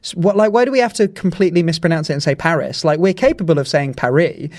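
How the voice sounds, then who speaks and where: Young male co-host, playful and rambling, voice sits a touch high. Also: lively intonation, rapid-fire, darkish tone. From England. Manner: rambling, playful, laughs often. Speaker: podcast co-host. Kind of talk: casual chat.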